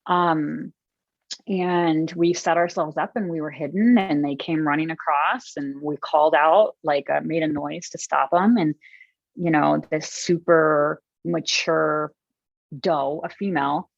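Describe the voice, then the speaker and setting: Interview guest: woman, very low voice, chatty storyteller with lots of fillers, dry dull remote audio. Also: fairly even intonation, unhurried, vocal fry, no echo. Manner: chatty, many fillers, gets emotional when telling stories. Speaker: podcast guest.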